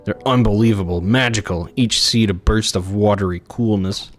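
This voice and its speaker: A man's voice: fairly low pitch, normal speed, close to an everyday voice. A man doing a gushing, eager town guard. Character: eager male town guard obsessed with fruit.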